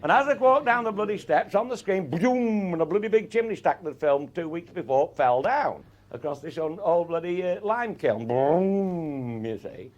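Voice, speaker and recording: Earthy storyteller with a lively high voice. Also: male voice, moderate pace, hardly any pauses. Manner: earthy, peppered with swearing, chuckles through punchlines. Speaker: raconteur. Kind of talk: comic anecdote storytelling.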